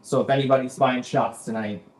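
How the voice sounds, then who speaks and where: A man in his forties with a medium-pitched voice delivers a dry stand-up set at a fairly quick pace and fairly even intonation. He often repeats "that's right" after a punchline. It's a basement comedy club, and the recording carries the room's echo.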